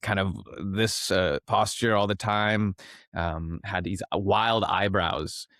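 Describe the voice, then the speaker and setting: A man's voice: low voice, fairly even intonation, slow pace, a bit bright, no echo, studio quality. A man, a professional clown and teacher, telling a rambling story in a casual interview, laughing often and restarting his sentences.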